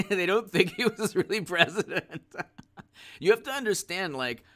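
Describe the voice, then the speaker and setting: A man hosting casual political livestream commentary, who jokes, laughs easily and thanks viewers by name. His voice is bright and forward and sits a little above the usual male range. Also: sits high, lively intonation, normal speed.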